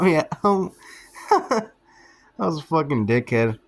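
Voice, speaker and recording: A young man's voice, fairly high and swinging widely in pitch, moves slowly as this vlogger rambles through childhood memories. He's profane and offhand throughout, often laughing at his own stories.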